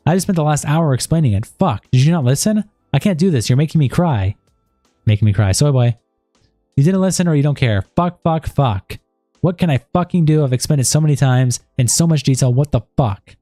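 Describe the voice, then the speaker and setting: A man's voice: on the high side, animated, fairly quick, mellow, no echo, clean studio sound, soft background music. A man on a stream, reading a chat log aloud and breaking in with asides of disbelief.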